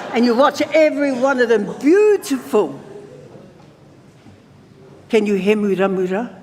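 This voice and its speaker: A woman with a New Zealand accent, speaking at a conference in a playful, engaging way and calling out to the audience. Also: on the high side. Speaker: conference speaker teaching traditional singing. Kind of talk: spoken talk with sung demonstrations. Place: conference hall. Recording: long hall reverb, faint ambience.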